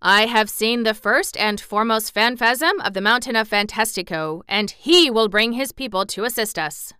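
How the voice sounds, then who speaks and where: A woman's voice: on the high side, normal speed, pushed and bright, clear, resonant tone, no echo, studio quality. A woman voicing a boastful, scheming male gnome general in a storybook reading, with a proud, emphatic delivery.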